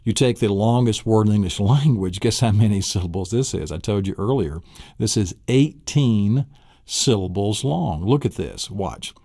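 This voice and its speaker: A man's voice: lowish voice, animated, moderate pace, dark tone, no echo, clean studio sound. A man giving a spelling lesson, spelling words out letter by letter, sounding out syllables and asking the listener rhetorical questions. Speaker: spelling instructor.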